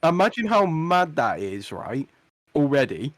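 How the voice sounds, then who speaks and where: A man's voice: on the high side, unhurried, no echo. Young man telling a story with energy. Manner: animated storytelling, swears, mimics people he talks about. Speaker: podcast co-host. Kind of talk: casual chat.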